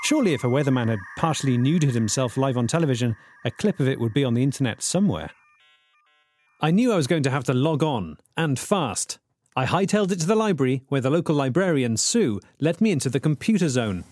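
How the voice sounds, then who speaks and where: A man narrating a comedy podcast investigation in an earnest, self-important, deadpan way. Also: mid-range voice, brisk, no echo, faint music behind.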